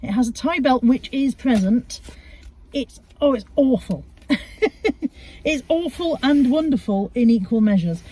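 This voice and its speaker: This vlogger's voice is a little high and slightly rough, dark in tone, animated yet unhurried. A middle-aged woman, she rambles from her car through charity shop finds in a casual haul video, laughing at herself along the way.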